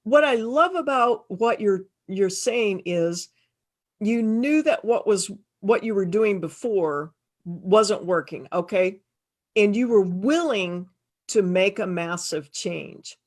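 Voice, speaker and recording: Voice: mid-range voice, animated, slow pace. Encouraging interview host. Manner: encouraging, frequent short reactions. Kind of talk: casual interview.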